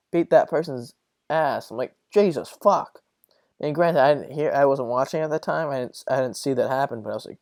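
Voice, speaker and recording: A man's voice: fairly high pitch, darkish tone, no echo. Rambling profane young man, dry sound. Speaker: podcast host. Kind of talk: casual solo sports rant.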